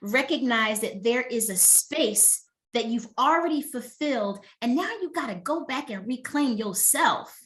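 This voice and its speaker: A woman's voice: on the high side, lively intonation, a little slow, few pauses, fairly bright tone. A middle-aged woman wellness coach giving a motivational master class talk. She speaks emphatically and conversationally and keeps checking in with her listeners.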